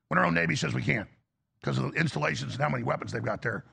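A man's voice: a little high, lively intonation, fast talker, vocal fry, a bit bright, slightly rough. A man hosting a talk show, giving a heated, emphatic political commentary monologue with frequent restarts.

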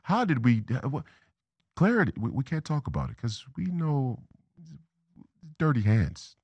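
A man's voice: mid-range voice, big pitch swings, moderate pace, a little mellow, breathy edge, no echo, lo-fi sound. A man hosting a political talk show, delivering a rambling commentary monologue, repeating and restarting words and drifting into tangents. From Minnesota.

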